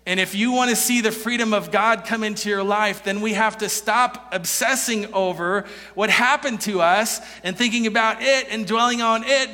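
A pastor preaching a sermon in an earnest, conversational way, swinging between loud emphasis and soft, low passages. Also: male voice. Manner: conversational, with many restarts and "you know". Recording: long hall reverb.

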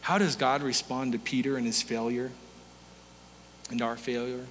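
A man preaching a sermon as pastor, telling a story in an animated way, acting out voices and laughing often. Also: medium pitch, moderate pace, in a large hall, a little hiss or hum.

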